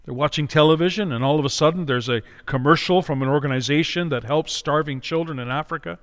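A man preaching a sermon as pastor, dramatic, moving between hushed words and loud cries. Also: fairly high pitch, quick pace, long reverb tail.

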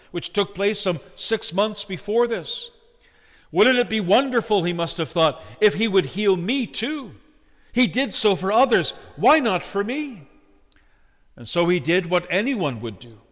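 A man preaching a sermon with earnest emphasis, swinging between loud and hushed. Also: sits high, long reverb tail.

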